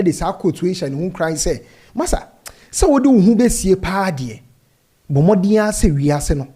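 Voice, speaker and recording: Man, Ghanaian accent, higher voice, lively swooping delivery, gossip commentary. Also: slightly rough. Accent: Ghanaian English. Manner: animated, mixing English and Twi, reads out comments in quotes. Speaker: entertainment news presenter. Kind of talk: gossip commentary reading social media comments.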